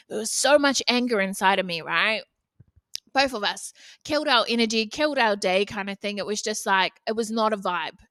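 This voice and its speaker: A woman's voice: a little high, moderate pace, fairly bright tone, no echo, studio quality. A young woman hosting a casual solo podcast, talking bluntly and swearing freely. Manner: blunt, frequent swearing, chatty. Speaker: podcast host.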